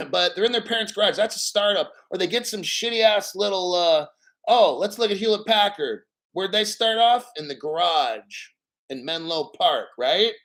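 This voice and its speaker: A man's voice: high-pitched, a bit bright, poor audio. A man hosting a crypto livestream, ranting with heated rhetorical questions and frequent swearing.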